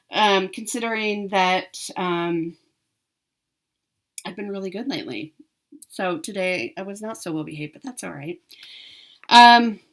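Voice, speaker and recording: In a casual vlog, a woman with a mid-range, fairly bright voice shares her cross-stitch haul and giveaways. She sounds chatty and upbeat, peppering her talk with ums and self-corrections.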